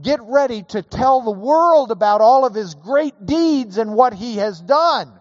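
A man preaching a sermon, slow and emphatic, building to raised emphasis on key points. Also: very high-pitched, lively intonation, no echo, muffled recording. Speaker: pastor.

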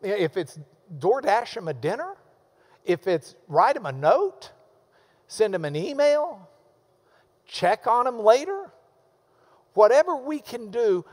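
Lively high-voiced pastor preaching. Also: male voice, in a large hall. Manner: enthusiastic, emphatic teaching with playful asides. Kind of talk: sermon.

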